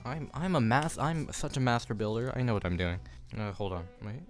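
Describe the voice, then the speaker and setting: A man's voice: mid-range voice, animated, fairly quick, faint music behind. A young man filming a casual vlog in his home kitchen on a phone, flustered and self-mocking as he swears through a build. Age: young adult. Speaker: YouTuber. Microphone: phone camera.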